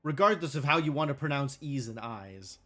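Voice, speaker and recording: A man livestreaming a puzzle game, his pitch bouncing around lively as he talks. He thinks aloud, muttering questions to himself and chatting and laughing with viewers. Faint music sits behind his mid-pitched voice. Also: brisk. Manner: chats with viewers, laughing easily. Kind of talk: live gameplay commentary.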